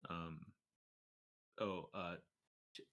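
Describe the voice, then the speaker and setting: Halting low-voiced man playing his character. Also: fairly even intonation, a bit bright. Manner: hesitant, halting, stammering. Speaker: player voicing his character. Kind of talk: in-character tabletop role-play.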